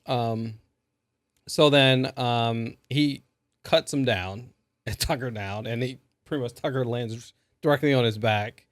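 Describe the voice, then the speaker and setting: Man, mid-pitched, podcast co-host, rambling casual recap, dry close sound. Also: slow, dry recording. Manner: rambling recap with fillers and acted-out quotes. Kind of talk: casual movie review chat.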